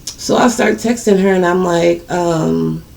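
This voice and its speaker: A woman's voice: on the low side, measured pace, creaky, a little mellow. A woman telling viewers a personal story in a casual, blunt, profane way. She speaks to her audience directly and repeats words for emphasis. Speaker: storytime vlogger.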